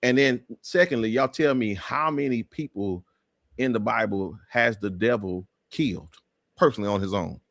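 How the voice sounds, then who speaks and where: A man's voice: medium pitch, moderate pace, creaky, a bit bright, dry recording, clean studio sound. A man hosting a live talk show, speaking in an emphatic, preachy way with many restarts.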